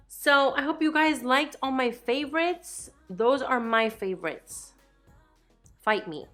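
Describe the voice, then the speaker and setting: A young woman talks to her viewers in a loose, bubbly, rambling way, poking fun at herself. Her voice sits a little high. Soft music plays faintly behind her. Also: lively intonation, slow pace. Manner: bubbly, rambling, self-deprecating with laughs. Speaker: beauty YouTuber. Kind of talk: casual chatty vlog.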